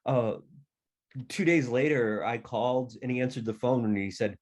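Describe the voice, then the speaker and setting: A man's voice: mid-range voice, a little fast, a little mellow. A middle-aged man, an author, chatting casually and telling anecdotes, sometimes acting out other people's voices. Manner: chatty, acts out family members' voices in anecdotes. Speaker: author guest. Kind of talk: casual storytelling conversation.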